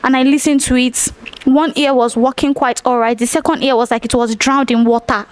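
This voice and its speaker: This young Nigerian woman hosts a podcast, animatedly retelling a story in a casual monologue and acting out the quotes. Her high voice keeps a steady tone at a brisk pace.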